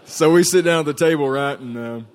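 A man's voice: a little high, fairly quick. A man giving a personal testimony to a group, telling his story casually with lots of fillers. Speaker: ministry staff member giving testimony.

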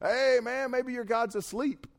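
A male preacher voicing a bold bearded prophet who challenges his rivals loudly and mocks them. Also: high-pitched, animated, normal speed, voice pushed up. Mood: mocking. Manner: brash, loud, challenging. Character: bold bearded prophet, trash-talking man.

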